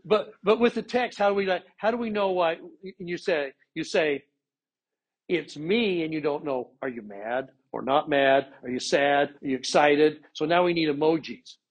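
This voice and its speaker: A man teaching an informal scripture class, animated and lively, acting out quotes with plenty of voice inflection. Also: fairly high pitch, normal speed, hardly any pauses.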